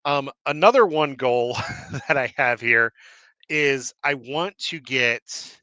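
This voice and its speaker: A man hosting a live show in casual chat, rambling and excitable with many fillers and restarts, a little out of breath. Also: medium pitch, takes it slowly, no room sound. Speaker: host. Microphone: desk mic with cord.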